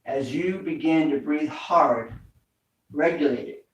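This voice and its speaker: This fitness instructor speaks slowly in a slightly high voice, guiding a home workout with repeated breathing cues. The recording is muffled, made in an echoey room with the mic far away.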